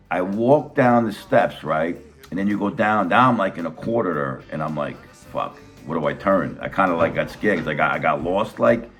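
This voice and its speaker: A middle-aged man tells a childhood story in a loose, animated way. His voice sits low, he swears freely and acts out the people in it. Faint music plays softly underneath. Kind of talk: casual personal storytelling.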